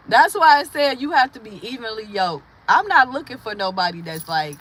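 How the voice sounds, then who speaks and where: A woman's voice: fairly high pitch, expressive, unhurried, a bit bright, slight background noise. A woman from Milwaukee hosting a casual livestream, rambling through stories and viewer comments, laughing often and acting out the voices she quotes. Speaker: livestream host.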